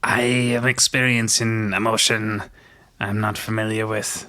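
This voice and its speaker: A man's voice: fairly low pitch, little pitch movement, a little slow, sharp tone. A man playing a tabletop game in character, with stiff, formal phrasing. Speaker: player.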